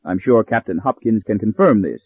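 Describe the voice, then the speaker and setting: A man's voice: fairly low pitch, expressive, normal speed, breathy edge, no room sound. A man reading the part of a smug, pompous older professor who threatens with cool politeness, recorded with narrow phone-like sound. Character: smug scheming male professor, older, coolly menacing.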